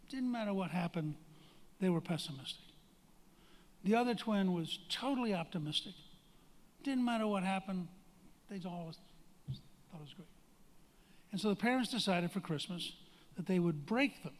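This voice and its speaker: An older man giving a speech to an audience and telling a story in a folksy, emphatic way. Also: high-pitched. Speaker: guest speaker. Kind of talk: public speech with anecdote. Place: large hall. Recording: reverberant hall.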